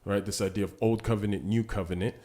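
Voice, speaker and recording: A man co-hosting a podcast, casually teaching through a Bible passage and often checking in with "right?", growing animated as he retells the scenes. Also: fairly low pitch, quick pace. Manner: gets animated when retelling scripture. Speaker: podcast co-host.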